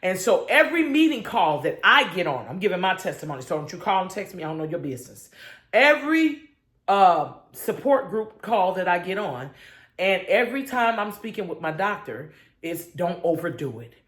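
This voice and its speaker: A woman's voice: mid-range voice, very animated, moderate pace, fairly bright tone, reverberant. Exuberant woman leading a morning devotion. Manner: exuberant, call-and-response with listeners. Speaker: devotional minister.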